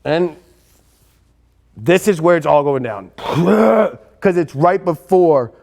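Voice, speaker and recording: A man hosting a weekly astrology forecast in a casual, excitable and profane way, swinging between hyped outbursts and hushed earnest stretches. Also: on the high side, slow, vocal fry. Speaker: astrology show host.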